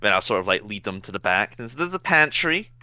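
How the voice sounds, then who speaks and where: A man voicing a polite, slightly wry female innkeeper in a tabletop game, with a bright, clear voice in a dry room. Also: lowish voice, sing-song, fairly quick, heavily acted. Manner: politely formal, a little wry.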